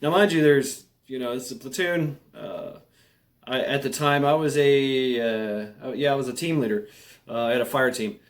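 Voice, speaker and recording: A middle-aged man recounts his army days in a loose, conversational way. He stumbles over restarts and fillers and chuckles now and then, in an ordinary mid-range voice. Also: mid-range voice. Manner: halting, many restarts and fillers, chuckles often. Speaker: military veteran storyteller. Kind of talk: casual spoken anecdote.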